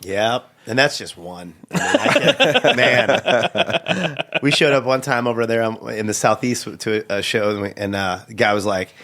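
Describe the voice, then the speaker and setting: A man's voice: mid-range voice, normal speed. A middle-aged man telling comic stories on a podcast, acting out the people in them and laughing often. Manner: lively, acts out voices of people in his stories, laughs often. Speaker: stand-up comedian guest. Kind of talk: animated storytelling on a podcast.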